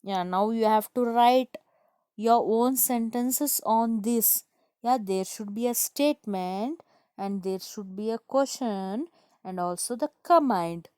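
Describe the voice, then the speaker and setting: Slow-talking Indian English teacher woman. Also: fairly high pitch, darkish tone, clear, resonant tone, no room sound, studio quality. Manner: slow, repetitive explaining, asks and answers herself. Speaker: school teacher. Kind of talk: online grammar lesson for children.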